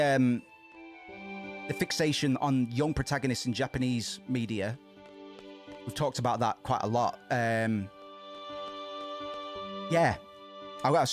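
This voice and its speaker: A man streaming a game, chatting in casual let's-play commentary, rambling with frequent restarts and casual swearing. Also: mid-range voice. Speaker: gaming streamer.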